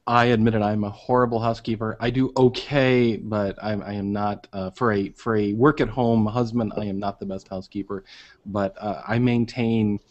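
A man's voice: on the low side, flat delivery, moderate pace, darkish tone, muffled recording. A middle-aged man co-hosting a casual live web show, joking and self-deprecating. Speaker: co-host.

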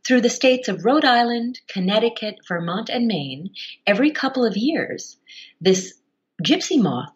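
Animated woman audiobook narrator. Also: on the high side, a little slow, muffled recording. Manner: animated storytelling with frequent laughs. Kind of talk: casual podcast interview.

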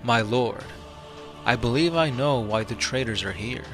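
A man's voice: mid-range voice, unhurried, fairly bright tone, soft background music, close to an everyday voice. Man reading a deferential fleet admiral.

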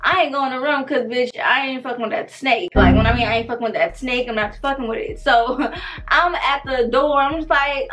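Profane animated storytelling woman. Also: sits high, normal speed. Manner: animated, profane, dramatic retelling. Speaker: storytime vlogger. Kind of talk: casual storytime.

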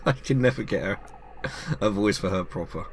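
A man's voice: lowish voice, normal speed, slight background noise. A man hosting a let's play, chatting casually and joking as he plays. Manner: chatty, joking, reads game text aloud. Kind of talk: casual gameplay commentary.

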